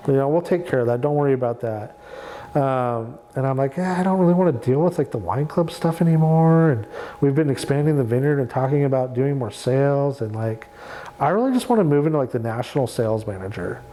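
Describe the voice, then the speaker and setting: A man from Oregon talks through his story in an oral history interview with a warm, mellow tone. His delivery is casual and rambling, full of fillers and restarts. He keeps acting out quoted conversations as he goes. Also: medium pitch, expressive, a little fast, poor audio. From Oregon, USA. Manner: candid, rambling, quotes people in dialogue.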